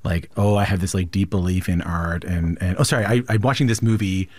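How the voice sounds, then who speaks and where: A man's voice: sits low, brisk, a little mellow, no echo. A man hosting an interview, reflecting aloud and often restarting his sentences. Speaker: interviewer, host. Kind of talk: conversational interview.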